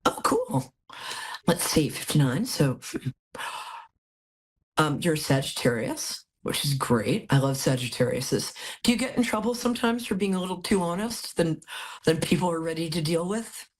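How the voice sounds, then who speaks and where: A woman's voice: low voice, animated, moderate pace, slightly rough. A woman hosting a live call-in tarot reading, chatty and affectionate, a little out of it after a hospital stay. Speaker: psychic reading host.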